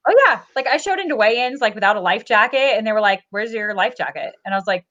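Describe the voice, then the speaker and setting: A woman's voice: on the high side, lively intonation, a bit bright. A woman hosting a podcast talks in a chatty, casual way, agreeing readily and sharing her own stories. Her voice comes through a dull, lo-fi recording. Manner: chatty, quick to laugh and agree. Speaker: podcast host. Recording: dull lo-fi audio.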